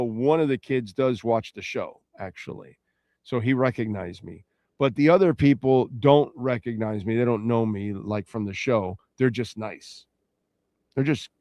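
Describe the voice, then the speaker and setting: A man's voice: medium pitch, no echo. A middle-aged man hosting a sports radio show, talking casually and rambling while reacting to listeners' comments. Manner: rambling, conversational, reacting to chat.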